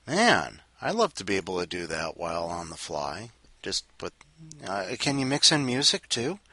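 Husky-voiced man chatting to his cat. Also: fairly low pitch, bright, forceful tone, no room sound. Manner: rambling, playful, jokey asides. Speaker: podcast host. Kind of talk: casual chat, talking to his cat.

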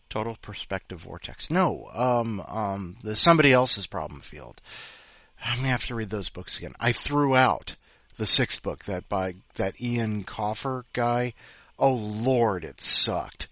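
A man hosts a podcast, rambling from one tangent to the next with self-deprecating jokes. His pitch swings widely and his tone is bright and forward. The close mic sounds dry. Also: animated, unhurried, dry recording. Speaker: podcast host. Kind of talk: casual rambling chat.

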